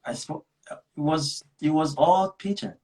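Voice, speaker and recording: A man's voice: a little high, measured pace, warm tone, poor audio. A man from Nigeria, an actor being interviewed over a video call, talking casually and rambling with many restarts and laughs. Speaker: actor guest.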